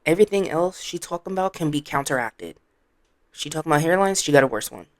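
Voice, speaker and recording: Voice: medium pitch, animated, quick pace, dry recording. Blunt, sassy commentary vlogger. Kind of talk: casual commentary.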